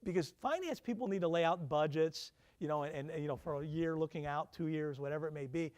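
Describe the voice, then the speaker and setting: A man's voice: fairly high pitch, fast, darkish tone. A man, a professor, giving a conversational lecture to alumni, peppering the room with questions and self-deprecating asides. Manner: conversational, quizzing the audience with questions.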